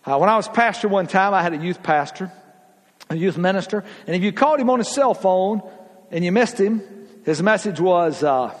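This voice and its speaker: A man preaching a sermon as pastor, folksy and emphatic, with big swings between loud and soft. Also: high voice, animated, normal speed, in a large hall.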